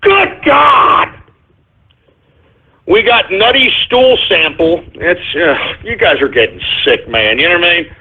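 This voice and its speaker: A man hosting a call-in radio show, ranting angrily with profanity and sudden shouts. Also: high-pitched, animated, slow pace, breathy edge. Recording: phone-like narrow sound.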